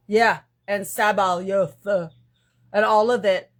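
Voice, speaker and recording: Woman, live-stream host, casual spiritual talk, animated, loud then hushed, swears a lot, phone mic. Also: medium pitch, slow pace. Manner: animated, swings between loud bursts and hushed asides, profane.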